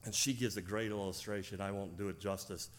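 A man preaching a sermon, asking the congregation questions, moving between loud emphatic lines and quiet intimate ones, with casual fillers and restarts. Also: lowish voice, fairly even intonation, brisk. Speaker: pastor.

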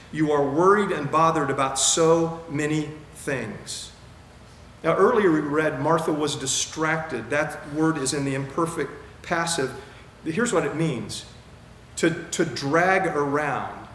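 A male pastor delivers a sermon, pressing his points by repeating key phrases. His voice sits a bit high for a man. The sound rings in an echoey hall over a faint hiss. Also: a bit bright.

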